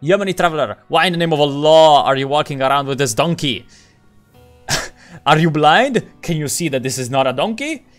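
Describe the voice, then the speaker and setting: A man's voice: on the high side, lively intonation, normal speed, soft background music, lightly acted. A man putting on an exaggerated accent to tell a joke in the voice of a theatrical male storyteller. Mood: mock-theatrical. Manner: exaggerated put-on accent, loud and raised.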